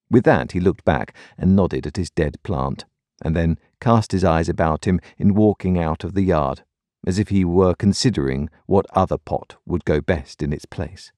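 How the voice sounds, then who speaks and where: Very low-voiced male narrator, expressive, measured, dry close recording. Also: no echo. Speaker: audiobook narrator. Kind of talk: scripted narration.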